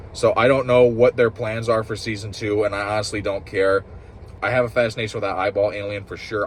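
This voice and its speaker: Low-voiced guy ranting and cussing, all jumbled and pissed off, bit of noise behind. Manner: frustrated, swearing, rambling with restarts. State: upset and agitated. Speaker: show reviewer. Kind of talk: ranting casual review.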